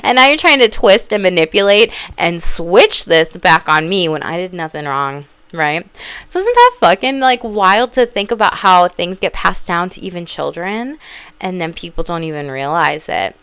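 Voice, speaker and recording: A woman's voice: on the low side, big pitch swings, normal speed, a bit bright, clean tone, no echo. A woman who works as a psychic and coach, talking straight to her viewers in a casual, rambling way. She is blunt, swears freely and keeps calling them "y'all.". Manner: rambling, goes off on tangents.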